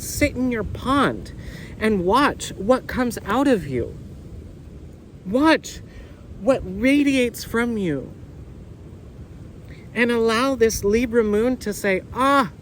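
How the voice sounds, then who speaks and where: A man giving an excitable, effusive tarot reading outdoors on a windy beach, often repeating words. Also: very high-pitched, rough recording. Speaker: tarot reader. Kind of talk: casual tarot reading video. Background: wind and faint ambience.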